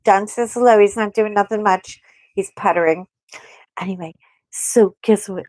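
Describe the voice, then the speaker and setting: A woman hosting a casual livestream, chatting and telling a story while she draws, animated and acting out quotes. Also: medium pitch, normal speed, no room sound. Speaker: host.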